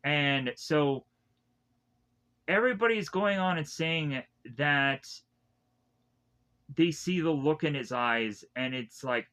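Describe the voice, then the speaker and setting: A man casually recapping anime episodes in a rambling way, with many restarts, who keeps breaking into animated impressions of the characters. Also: a little high, clean tone. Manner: rambling, loosely retells scenes with many restarts; acts out characters' lines in a quick, animated way. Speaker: anime reviewer.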